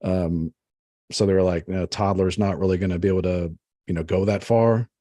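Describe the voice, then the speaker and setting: A man's voice: low-pitched, fairly even intonation, moderate pace, dark tone, no echo. A man co-hosting a podcast, rambling in casual chat with many fillers. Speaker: podcast co-host.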